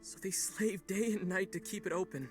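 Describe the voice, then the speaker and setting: A man's voice: sits high, moderate pace, faint music behind, close to an everyday voice. An actor playing a guilt-ridden young man who dropped out of college, speaking earnestly and blaming himself, in a video game. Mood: regretful. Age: young adult. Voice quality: earnest, self-reproaching. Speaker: game character.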